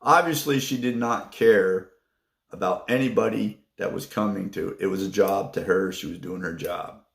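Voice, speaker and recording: A man hosting his own channel, telling a personal story in a slow, halting way with many fillers. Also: sits low, gravelly, reverberant. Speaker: channel host. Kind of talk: casual storytelling vlog.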